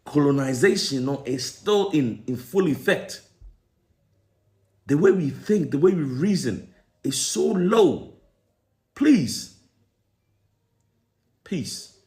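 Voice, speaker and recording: Young Ghanaian-accented man delivering a fired-up opinion rant; a touch high in pitch. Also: slow pace, pauses often. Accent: Ghanaian with some American. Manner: animated, ranting, rhetorical questions, restarts. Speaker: commentary vlogger. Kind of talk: opinion commentary monologue.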